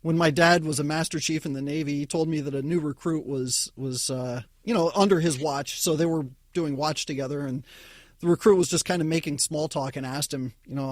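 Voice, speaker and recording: A man as a talk show guest, speaking bluntly and scornfully with slow emphasis. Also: on the high side, steady tone, dry recording, studio quality. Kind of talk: casual talk show discussion.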